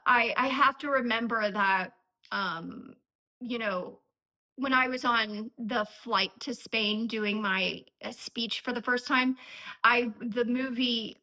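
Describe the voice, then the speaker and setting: A woman's voice: fairly high pitch, pushed and bright, low-quality recording. A woman talking to camera in an earnest, emotional, rambling personal vlog. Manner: frequent fillers and restarts. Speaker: vlogger.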